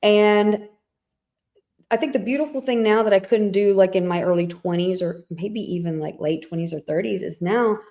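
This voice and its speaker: Woman in her thirties, podcast co-host, candid, emotional storyteller, mid-pitched, lots of ums and restarts. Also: moderate pace, warm tone. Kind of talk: casual chat.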